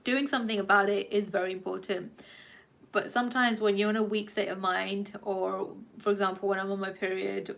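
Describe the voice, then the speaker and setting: A woman's voice: medium pitch, vocal fry. A woman with an ordinary mid-range voice speaks casually to her viewers as a fitness and life coach. She is frank and talkative, drops the odd curse, and rambles a little as she plays out everyday exchanges. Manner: chatty and frank, with casual swearing; loose and rambling, acting out little conversations. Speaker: personal trainer and life coach. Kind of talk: casual talk to camera.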